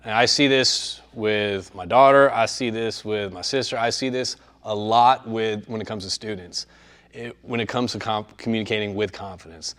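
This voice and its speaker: A man's voice: on the low side, steady tone, moderate pace, fairly bright tone. A man giving a live presentation to students in a room, speaking conversationally and often checking in with his audience. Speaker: workshop speaker.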